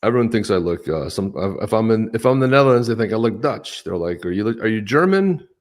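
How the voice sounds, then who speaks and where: A podcast co-host with a lowish voice talks fast on a live stream, chatting in a casual, upbeat way and greeting viewers by name.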